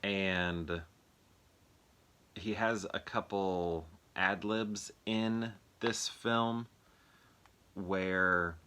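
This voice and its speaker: Low-voiced American man musing casually. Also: fairly even intonation, drawn-out words, long pauses, bright, forceful tone, clear, resonant tone. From United States. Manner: rambling, thinking aloud, asks the viewers questions. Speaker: movie collector reviewing films. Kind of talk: casual solo video chat.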